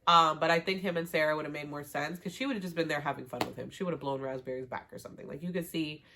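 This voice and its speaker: Low-voiced woman chatting a show recap. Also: fast, background noise. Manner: slangy, animated, swears freely. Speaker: TV recap vlogger.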